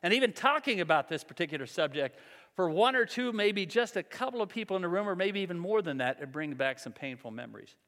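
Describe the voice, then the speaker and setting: A man's voice: high voice, animated, fast, fairly bright tone. Man, 60s, pastor, sermon, conversational and self-deprecating, long reverb of a big hall. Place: large church hall.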